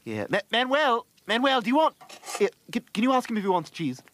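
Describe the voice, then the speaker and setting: A man voicing a loud, oafish middle-aged cartoon dad who talks in a bumbling, childish, self-important way. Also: very high-pitched, very animated, a little fast, a little hiss or hum, exaggerated voice. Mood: cheerful host. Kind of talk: animated sitcom voice acting.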